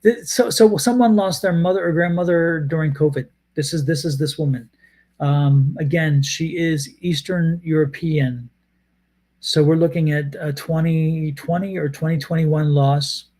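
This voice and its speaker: A man with a fairly high voice giving a live tarot reading. He rambles, stops and restarts, and repeats phrases as he goes. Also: steady tone, unhurried, darkish tone. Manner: rambling, repeats himself, many hesitations. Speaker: tarot reader.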